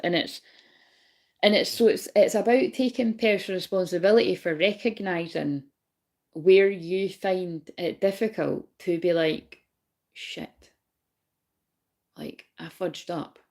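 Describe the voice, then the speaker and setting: A woman talks through a spiritual reading in a loose, rambling way, with a voice sitting a little low. She drops swear words freely and laughs often. She keeps checking in with her listeners to ask if they know what she means. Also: a little slow, a little mellow. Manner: laughs often while talking. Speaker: spiritual reader. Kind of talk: casual spiritual reading to viewers.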